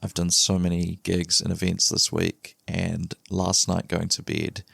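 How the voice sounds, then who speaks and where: A New man opens his podcast in a deliberately hushed, low-energy way to spare a strained voice. His tone is deep and flat, and the room around him is very dry. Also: gravelly, slightly rough, dry recording. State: resting a strained voice. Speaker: podcast host. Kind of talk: solo podcast intro.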